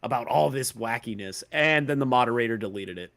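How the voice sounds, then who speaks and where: A man's voice: medium pitch, fairly quick, a bit bright. A man talking as a guest on a podcast, reading a post aloud and laughing between comments. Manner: reads aloud with laughing asides. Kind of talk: casual podcast chat.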